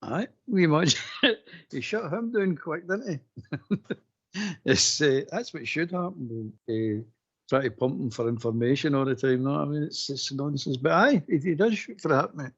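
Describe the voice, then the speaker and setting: A Scottish man with a husky voice chatting casually on a fan radio show. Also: on the high side, lively intonation, moderate pace, lo-fi sound. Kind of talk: radio chat.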